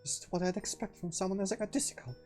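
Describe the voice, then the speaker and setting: A man voicing a cold, formal young woman who speaks softly and holds back her anger. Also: sits high, steady tone, fast talker, faint music behind, pitched above the performer's own voice, natural voice. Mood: icy. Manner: soft, icy, restrained, formal. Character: cold restrained shy young woman Yuri.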